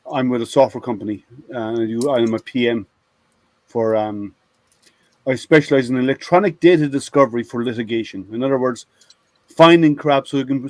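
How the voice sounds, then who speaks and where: A man's voice: medium pitch, a little mellow, no echo. A man in casual group conversation, telling rambling workplace stories with many restarts. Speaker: IT product manager at a software company. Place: online video hangout.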